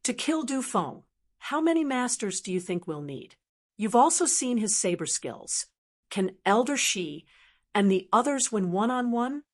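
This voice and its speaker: A woman's voice: a little high, big pitch swings, measured pace. A woman voicing a composed young noblewoman who speaks lightly and coolly. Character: young noblewoman, calm, sharp-tongued clan leader.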